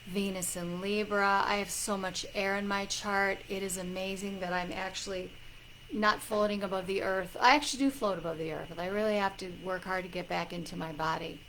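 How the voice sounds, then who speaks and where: A woman hosting a casual livestream as a psychic coach, warmly greeting viewers by name with loud excited bursts. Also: medium pitch, rough recording.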